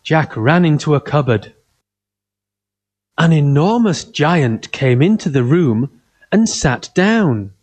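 A man reading a children's fairy tale aloud in simple, even, carefully spoken sentences. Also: fairly high pitch, slow, long pauses. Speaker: storyteller.

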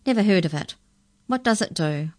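A woman's voice: medium pitch, animated, normal speed, darkish tone, pitched above the performer's own voice, close to an everyday voice. A woman reading aloud and voicing a pompous, officious male rat customs officer in a children's story. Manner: officious, formal.

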